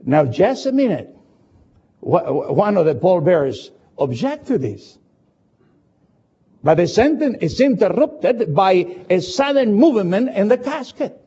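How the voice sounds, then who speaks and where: A preacher with a husky, dark-toned yet high and lively voice slowly works through a dramatic retelling. English is his first language, and he lurches between loud and whispered passages while his pitch climbs and falls. The sound is lo-fi and dull.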